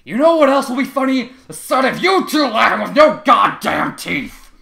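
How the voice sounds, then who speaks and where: A man voicing a volatile, foul-mouthed middle-aged human man who lurches between shouted threats and false politeness. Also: medium pitch, huge pitch swings, moderate pace, reverberant. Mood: menacing. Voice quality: explosive shouting, profane threats.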